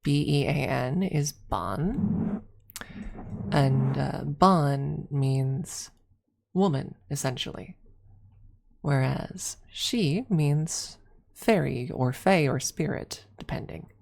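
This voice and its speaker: A woman streamer in a soft-spoken ASMR style, chatting gently with her viewers, giggling and slipping into whispers, calling them her lovelies. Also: deep voice, slow pace, vocal fry. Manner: affectionate, calls chat her lovelies.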